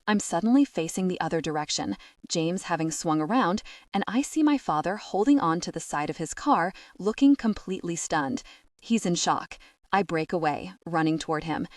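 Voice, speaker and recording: A woman narrates a first-person audiobook with a lowish voice. Her reading is tense and urgent and climbs at the shouted lines. The sound is dry and close. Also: expressive, moderate pace, dry recording.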